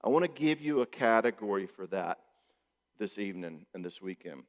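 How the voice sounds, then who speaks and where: A man's voice: on the low side, lively intonation, normal speed. A man gives a joking, conversational conference talk as a marriage therapist, often checking in with the audience. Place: church hall. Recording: echoey church hall.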